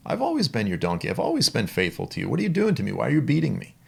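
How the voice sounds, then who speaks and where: A man's voice: mid-range voice, wildly swooping pitch, rapid-fire, vocal fry, slightly rough, exaggerated voice. A man voicing a faithful female donkey who pleads plaintively as she is beaten.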